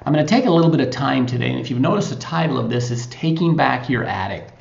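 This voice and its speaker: A man hosting a motivational podcast, retelling a story in a conversational way with frequent pauses. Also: mid-range voice, animated, gravelly. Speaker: podcast host. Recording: echoey lo-fi recording.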